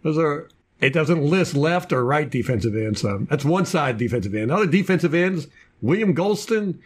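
A man's voice: a little high, expressive, moderate pace, breathy edge. A man co-hosting a casual sports podcast, running through a team depth chart with jokey asides. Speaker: podcast co-host.

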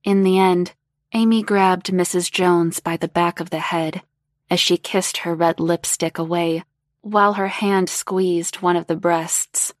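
Slow, low-voiced woman narrating a story. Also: no room sound, clean studio sound. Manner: slow, even, unhurried reading.

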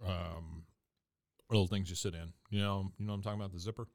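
A man's voice: low-pitched, fairly even intonation, fast, no room sound, clean studio sound. A man co-hosting a podcast, casually retelling a favorite movie scene with relish. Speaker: podcast co-host. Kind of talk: casual chat.

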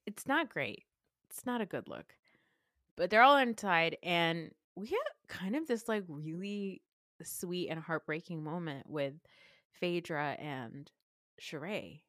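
A woman's voice: on the low side, expressive, slow, a bit bright, no echo, clean studio sound. A woman co-hosting a podcast, chatting casually and animatedly, acting out quotes and laughing often. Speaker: podcast co-host. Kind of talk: casual recap chat.

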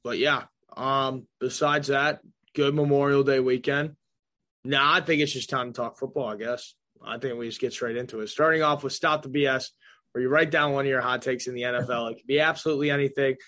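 A man's voice: medium pitch, steady tone, fairly quick, pushed and bright. A young man hosts a laid-back football talk show, loose and jokey, dropping casual swear words as he goes. His voice sits in an ordinary middle range. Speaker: podcast host. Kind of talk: casual sports chat.

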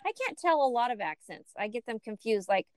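A woman's voice: fairly high pitch, big pitch swings, brisk, clear, resonant tone, no room sound. A woman co-hosting a podcast, asking curious questions and teasing her co-host in casual chat.

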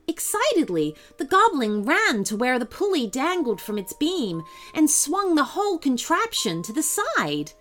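A woman storyteller giving a scripted narration of a children's story in a lively, expressive way. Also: sits high, measured pace, few pauses, faint music behind.

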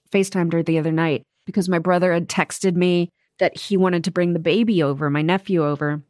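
A woman in her forties, an actress and author, talking frankly and with humor in an interview, sometimes swearing and telling lively stories. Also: lowish voice, no echo, studio quality. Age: 40s. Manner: frank, profane, animated storytelling. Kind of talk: candid interview conversation.

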